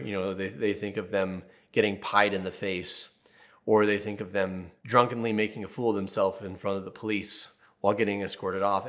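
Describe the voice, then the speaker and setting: Male therapist-host, 30s, slightly low-pitched, casual and candid, jokes as he goes. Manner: casual and candid, jokey asides, tells personal stories. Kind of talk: advice video talking to camera.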